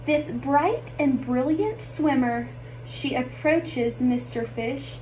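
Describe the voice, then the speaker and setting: A woman's voice: high-pitched, slow, a little mellow, far from the mic, slight background noise, low-quality recording. A woman narrating a rhyming children's storybook aloud.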